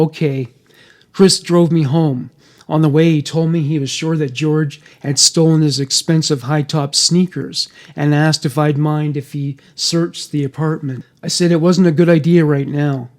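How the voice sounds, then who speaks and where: A man narrating a first-person true-crime account in a steady, even reading voice. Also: a little high, normal speed.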